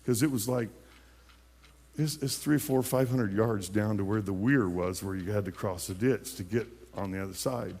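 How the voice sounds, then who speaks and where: A man's voice: fairly low pitch, normal speed, darkish tone, husky. A man in his late fifties, a pastor giving his personal testimony in a sermon, telling it in a folksy way with many restarts and repeated words. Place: church sanctuary. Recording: long church hall reverb.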